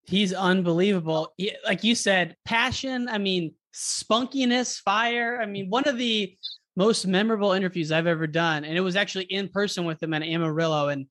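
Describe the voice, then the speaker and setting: Relaxed rambling podcast host. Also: mid-range voice, normal speed. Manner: relaxed, rambling questions with fillers. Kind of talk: casual interview chat.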